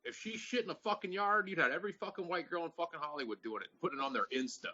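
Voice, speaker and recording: A man's voice: fairly high pitch, racing, bright, forceful tone, highs cut off, a little hiss or hum. A man hosting a casual podcast chat, profane and rambling, often laughing. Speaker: podcast host.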